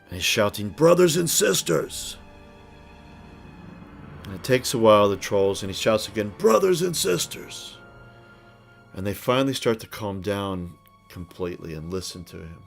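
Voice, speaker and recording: Male game master, unhurried and descriptive, deep voice. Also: soft background music. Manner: unhurried, descriptive, with some hesitations. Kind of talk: narrating a tabletop game.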